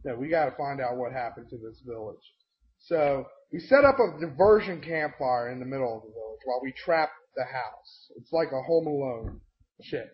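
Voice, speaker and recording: A young man recapping a tabletop game session, excitable and swearing constantly as he tells the story. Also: medium pitch, normal speed. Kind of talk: profane storytelling rant. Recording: dull lo-fi home mic.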